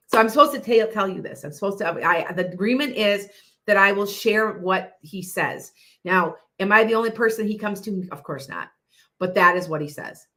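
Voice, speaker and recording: A woman's voice: medium pitch, sharp tone. A middle-aged woman chatting casually on a livestream as a psychic host, rambling and restarting her thoughts. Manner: rambling, jumps between thoughts, many restarts. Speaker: psychic host answering viewers.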